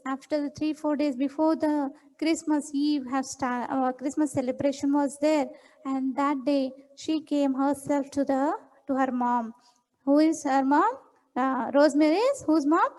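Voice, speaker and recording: High-voiced woman telling a Bible story. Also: measured pace, darkish tone, long reverb tail. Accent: Indian English. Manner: asks the children questions. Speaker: Sunday school teacher. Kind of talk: storytelling to children.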